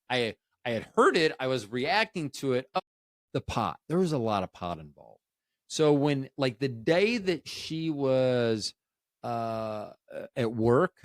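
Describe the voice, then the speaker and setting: A man's voice: mid-range voice, no room sound. Guy rambling thru a funny story on his podcast, voice bouncing up and down, dry close mic. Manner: rambling, jokey, self-interrupting with "anywho, anyhow, anyway". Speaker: podcast host. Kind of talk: casual solo podcast storytelling.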